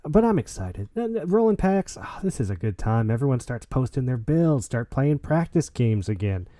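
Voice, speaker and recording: A man hosting a gaming league podcast, chatting in an excitable, jokey way with lots of restarts. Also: mid-range voice, moderate pace, dry recording, clean studio sound. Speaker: podcast host. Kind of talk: casual podcast chat and wrap-up.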